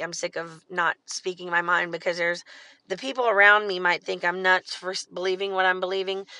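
A woman's voice: medium pitch, creaky, dry recording. A middle-aged woman talking casually and emphatically to her followers, swearing often and getting fired up as she speaks. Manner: profane, emphatic, animated. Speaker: vlogger.

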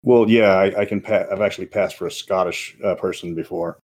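A man with a low voice chats about running tabletop games, winding through stories and restarting his sentences as he goes. He sounds relaxed and conversational. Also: fairly quick. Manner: rambling storyteller with restarts. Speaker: game master. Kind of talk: casual podcast chat.

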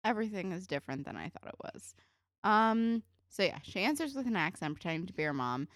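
A woman's voice: mid-range voice, sing-song, brisk, a bit bright, dry recording, studio quality. A woman co-hosting a casual TV recap podcast, talking bluntly and swearing freely in exasperated rants. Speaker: podcast co-host.

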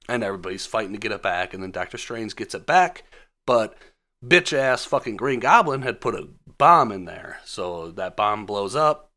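Laid-back swearing podcast man, low voice. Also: sharp tone. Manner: profane, laid-back storytelling. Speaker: podcast host. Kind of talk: casual film recap.

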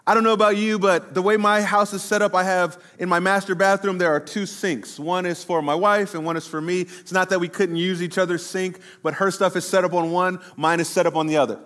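A middle-aged pastor preaching a sermon to his congregation, slowing down and drawing out words for emphasis. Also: high-pitched, fairly even intonation, a bit bright. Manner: preaching to a congregation, addressing the room directly; slows down and draws out words for emphasis.

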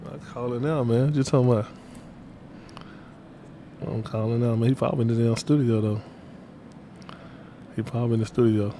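Fast-talking man with a mellow voice. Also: mid-range voice, fairly even intonation, a little hiss or hum. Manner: loose, repetitive street slang with many fillers. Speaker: interview guest, artist manager. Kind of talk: casual interview chat.

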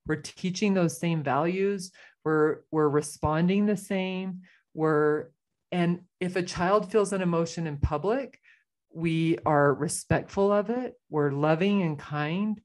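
Calm low-voiced woman explaining. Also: slow pace. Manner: calm, explaining, tags points with "right?". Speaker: guest parenting expert. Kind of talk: casual chat.

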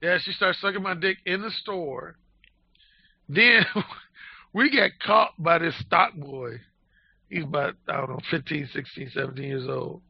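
Man gravelly, slightly high-pitched dating guest, blunt and boastful, lo-fi sound. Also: a little slow, dry recording. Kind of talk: casual storytelling. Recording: dull lo-fi audio.

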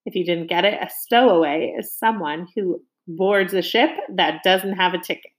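A woman's voice: on the low side, normal speed, hardly any pauses. A woman reading a novel aloud to young listeners, stopping now and then to ask them questions. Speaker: reader.

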